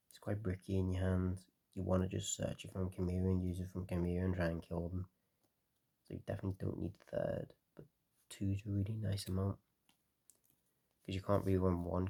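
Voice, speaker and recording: A tired man talking casually through a card game deck, relaxed and rambling with lots of fillers. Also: deep voice, gravelly.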